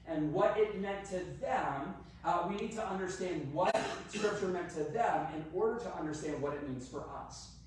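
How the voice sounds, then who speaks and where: A man's voice: high-pitched, moderate pace, hardly any pauses, a little hiss or hum. A male pastor preaching an earnest sermon, often repeating and restarting his phrases. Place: church sanctuary. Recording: echoey hall from a distant mic.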